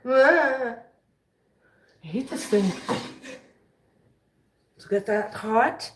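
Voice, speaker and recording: A woman's voice: on the high side, lively intonation, drawn-out words, a little hiss or hum. A woman chatting and joking with her viewers while she cooks in her kitchen. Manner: chatty, jokey, talks to viewers while cooking. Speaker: vlogger cooking on camera. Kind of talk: chatty cooking vlog.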